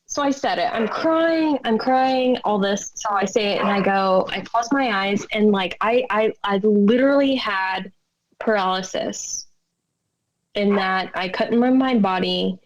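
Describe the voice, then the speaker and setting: Slow, emotional woman telling her story. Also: mid-range voice, muffled recording. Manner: emotional storytelling, acts out quotes. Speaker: guest. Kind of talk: personal story in a podcast interview.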